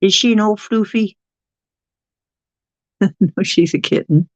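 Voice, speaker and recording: A livestream host chatting casually and at length, reading viewers' messages aloud and cooing softly at pets. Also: medium pitch, takes it slowly, no room sound, dull audio. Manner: rambling, chatty, reads chat aloud.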